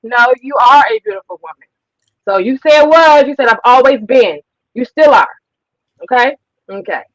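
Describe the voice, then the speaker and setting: A woman's voice: high-pitched, expressive, moderate pace, no room sound, poor audio. A woman with a Detroit accent hosting a casual group chat, teasing and affectionate with her friends.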